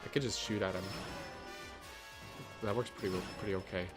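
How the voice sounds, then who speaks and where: A man's voice: on the low side, steady tone, normal speed, music in the background. A man streaming a game, giving goofy, rambling commentary and stories with frequent restarts. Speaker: gaming streamer. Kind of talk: casual gameplay commentary.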